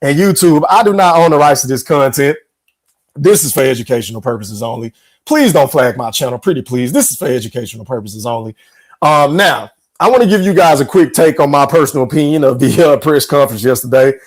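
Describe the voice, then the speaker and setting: A man's voice: medium pitch, expressive, brisk, poor audio. A man hosting a podcast, giving emphatic, slangy fight-prediction commentary. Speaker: podcast host.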